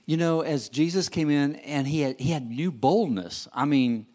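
A man hosting a seminar, commenting on a story with quick, emphatic energy. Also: a little high, warm tone. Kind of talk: sermon commentary.

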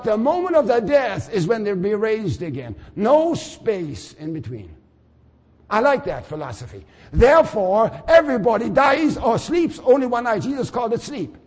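Older male preacher, high lively delivery, long hall reverb. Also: normal speed. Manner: animated, swings from quiet musing to shouting. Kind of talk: sermon.

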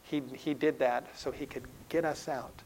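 A middle-aged man preaching a sermon with a fairly high voice. He talks earnestly, swelling loud and then falling nearly to a hush. Faint hiss runs beneath the recording. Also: steady tone, normal speed, rough recording.

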